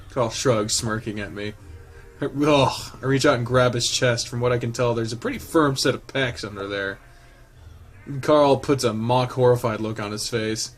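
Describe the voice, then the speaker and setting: A man's voice: medium pitch, normal speed, soft background music. A man reading a visual novel aloud and reacting with frequent laughter. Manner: laughs often, reacts loudly. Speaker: let's play host reading a visual novel. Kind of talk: casual game reading with reactions.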